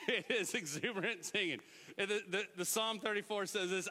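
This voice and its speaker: A middle-aged man preaching a lively sermon, sometimes shouting out words to show what they mean. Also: high-pitched, moderate pace, long reverb tail. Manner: animated, shouts out words to demonstrate. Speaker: pastor.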